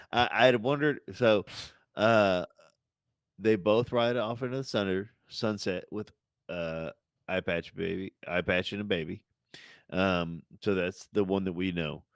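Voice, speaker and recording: A man co-hosting a casual movie podcast, rambling and excitable, swearing and restarting sentences. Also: low-pitched, slow, long pauses, smooth, no room sound, studio quality. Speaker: podcast co-host. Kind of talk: casual chat about movies.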